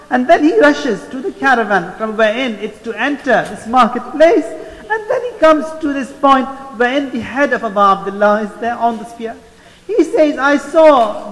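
High-voiced man preaching in an echoing hall. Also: fairly bright tone. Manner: impassioned, voices the quoted figures in turn. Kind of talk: religious sermon storytelling. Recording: long hall reverb.

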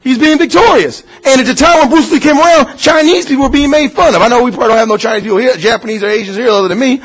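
A man's voice: very high voice, very fast, a bit bright, slightly rough, low-quality recording. A man giving an informal religious lecture to a class, asking questions and answering them himself in a conversational way. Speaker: Muslim teacher.

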